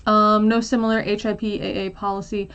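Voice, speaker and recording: A woman's voice: medium pitch, little pitch movement, brisk, fairly bright tone, smooth, highs cut off. Chatty American woman livestreaming. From United States. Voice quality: chatty, laughs often, many fillers and trailing asides. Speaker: livestream host answering viewer questions. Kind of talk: casual chat.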